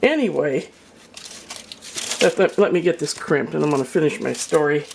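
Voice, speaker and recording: A woman's voice: low voice, animated, moderate pace, creaky, a little mellow, slight background noise. An older woman giving a chatty, folksy cooking demonstration in her home kitchen, with storytelling asides. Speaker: home cook.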